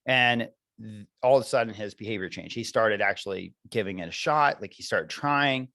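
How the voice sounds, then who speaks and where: A man's voice: lowish voice, moderate pace, creaky, pushed and bright, no room sound. A man who coaches parents, talking earnestly and reflectively in a podcast conversation, with many fillers.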